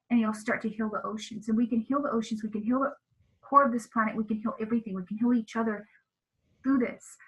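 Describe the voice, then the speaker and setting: Earnest woman with a high voice. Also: poor audio. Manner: earnest, emotional storytelling. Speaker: interview guest. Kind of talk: casual interview talk about spiritual experiences.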